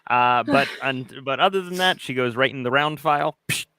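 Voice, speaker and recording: A man's voice: mid-range voice, moderate pace, sharp tone, smooth, dry recording. A man co-hosting a casual live recap show, reading aloud and joking in playful asides. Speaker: co-host of a trial recap show. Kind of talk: casual live-stream chat.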